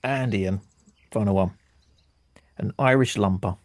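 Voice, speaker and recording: A man's voice: lowish voice, measured pace, no room sound. A man hosting a podcast and running a quiz for his co-hosts, delivering answers in a dry, teasing way during casual chat. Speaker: podcast host and quizmaster.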